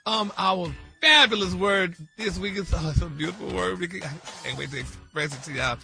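A man's voice: sits high, fairly quick, gravelly, sharp tone, soft background music. A man on a morning radio show, talking in flamboyant comic banter and stumbling as he spells out a word. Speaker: radio show regular, word of the week segment.

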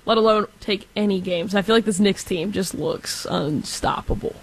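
A young woman from Texas chatting about sports at a middle pitch. Her talk is loose and full of fillers, and she speaks in a casual, friendly way. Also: moderate pace, vocal fry, breathy edge, rough recording. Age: 20s.

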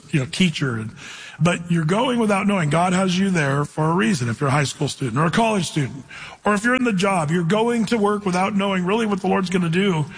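A man's voice: fairly high pitch, breathy edge, big-room sound. A man preaching a sermon, teaching from the Bible in a conversational way with stories from his own life. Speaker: pastor.

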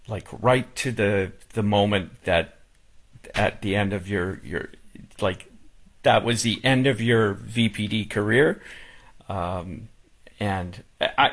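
A man's voice: lowish voice, lively intonation, slow pace, long pauses. A man on a radio talk show, speaking casually with many restarts and fillers, emotional as he recalls a funeral.

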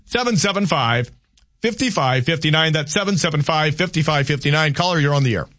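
A man's voice: fairly high pitch, expressive, fairly quick, fairly bright tone. A man hosting a talk radio show, giving opinions in a loose conversational monologue and reading listener texts aloud.

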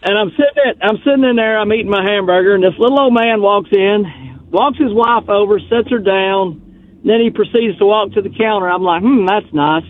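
A man's voice: high voice, a little fast, no room sound. A man calling in to a radio show, telling a story in a folksy, rambling way. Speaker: radio caller. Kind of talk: casual storytelling on a call-in show. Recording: tinny phone line.

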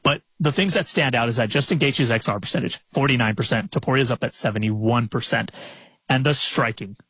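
A man with a husky, mid-range voice talks through fight odds and model predictions in quick, animated bursts. His voice sits close and dry on the mic. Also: mid-range voice, no room sound, poor audio. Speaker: betting analyst. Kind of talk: casual podcast chat.

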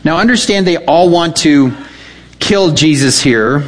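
A man's voice: a little high, expressive, measured pace. A man preaching a sermon, reading scripture aloud and checking in with his listeners as he explains it. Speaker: pastor.

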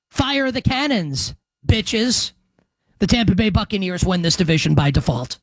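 A man's voice: sits high, no room sound. Emphatic male sports talk host. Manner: emphatic, animated, crude joking asides. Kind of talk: sports radio and podcast predictions.

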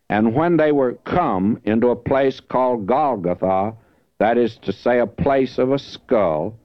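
Male preacher, low voice, earnest Bible teaching, dry muffled lo-fi tape. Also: dry recording. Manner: earnest, emphatic, lifts his voice when reading scripture. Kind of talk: verse-by-verse Bible teaching sermon. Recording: dull lo-fi dry recording.

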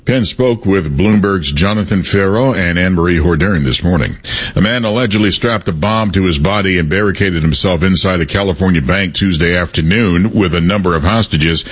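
A man anchoring the news, reading scripted bulletins in a steady, measured way. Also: low voice, slightly rough. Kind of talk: scripted newsreading.

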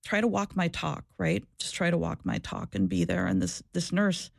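A woman's voice: fairly low pitch, big pitch swings, moderate pace, gravelly, no room sound, clean studio sound. A woman who used to be a social worker, talking candidly in an interview, earnest and reflective, often restarting and repeating herself. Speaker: former social worker, guest.

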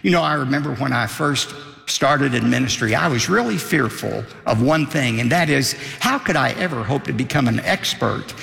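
A man's voice: medium pitch, expressive, moderate pace, vocal fry, bright, forceful tone, faint music behind. An older man pastor delivering an emphatic sermon, lifting his voice when quoting scripture. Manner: emphatic preaching, rising for quotes. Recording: long hall reverb.

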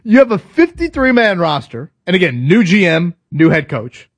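A man's voice: sits high, big pitch swings, normal speed, dry recording. A man co-hosting a casual sports talk show, speaking conversationally with frequent fillers and restarts. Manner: conversational, stop-start with fillers. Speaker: sports radio co-host.

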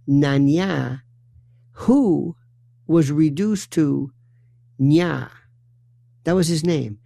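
A man from New York telling a comic family story, acting out voices with stammering restarts and lively swings. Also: fairly high pitch, vocal fry, no room sound.

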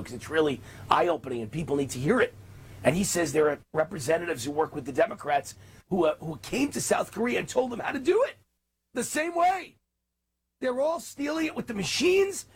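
A man's voice: fairly high pitch, slightly rough. A man hosting a talk radio show, delivering an impassioned, ranting political monologue.

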